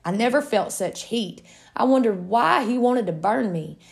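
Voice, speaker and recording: A woman's voice: fairly high pitch, lively intonation, moderate pace, vocal fry, pitched above the performer's own voice. A woman voicing a talking teacup, a clay vessel that cries out and pleads as it is shaped and fired. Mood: pleading. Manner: pleading, crying out in storytelling voice.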